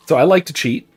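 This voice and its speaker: A man hosting a gaming stream, rambling chattily and answering chat questions as he plays. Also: darkish tone. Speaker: host. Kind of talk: casual commentary while playing a video game.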